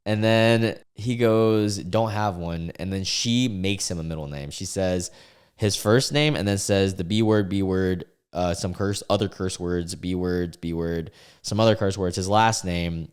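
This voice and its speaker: A man's voice: sits low, moderate pace, clean tone. A young man casually reading out online posts and reacting with incredulous comments, as a regular video host.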